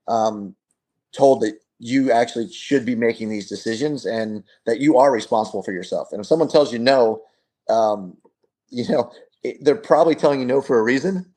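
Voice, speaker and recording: A relaxed man chats as a guest. His pitch sits in an ordinary middle range, and he rambles through stories with easy fillers and little laughs along the way. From United States. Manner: relaxed storytelling, chuckles often, many fillers. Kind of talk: casual interview conversation.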